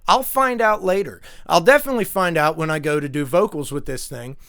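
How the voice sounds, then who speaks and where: His voice is on the high side, brisk, and a bit bright, though allergies have stuffed up his nose. He casually unboxes and reviews a new microphone in a rambling vlog, loose and dotted with fillers and mild swears. Audio comes first through a lapel mic, then the desk condenser.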